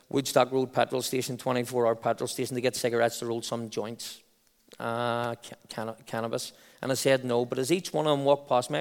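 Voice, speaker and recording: A middle-aged man with a Belfast accent, giving an earnest personal faith testimony, halting and repeating phrases for weight. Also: mid-range voice, vocal fry, long reverb tail.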